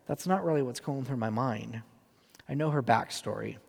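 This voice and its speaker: A man's voice: medium pitch, moderate pace, creaky, darkish tone. A man in his thirties preaching a sermon as a pastor, earnest and conversational with frequent fillers. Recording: long reverb of a large hall.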